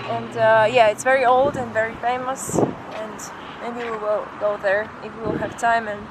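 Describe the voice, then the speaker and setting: Woman halting through English outdoors. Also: fairly high pitch, little pitch movement, very noisy. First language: Russian. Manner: halting, searching for English words. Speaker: travel vlogger. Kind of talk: casual travel vlog chat. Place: outdoors in a park.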